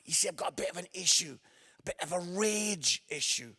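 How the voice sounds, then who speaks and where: A middle-aged man telling comic stories in a sermon, animated and bursting into shouts, often tagging lines with "yeah?". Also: high-pitched, normal speed. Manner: animated, shouting for effect, lots of tag questions. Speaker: comedian evangelist.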